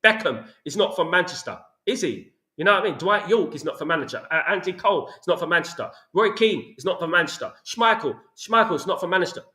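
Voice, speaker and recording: A man's voice: sits high, lively intonation, fast talker, few pauses, pushed and bright, echoey room. A man with a London accent hosting a football channel, ranting about his club in a passionate, repetitive way. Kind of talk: opinionated fan commentary.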